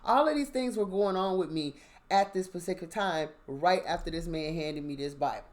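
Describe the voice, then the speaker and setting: Lower-pitched woman telling a spiritual story. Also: normal speed. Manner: animated, conversational, asks listener "you understand?". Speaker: spiritual vlogger. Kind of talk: casual storytelling monologue.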